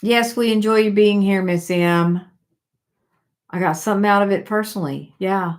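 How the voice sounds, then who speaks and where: A woman's voice: medium pitch, moderate pace. A middle-aged woman hosting a casual live chat, rambling and reading viewer comments aloud.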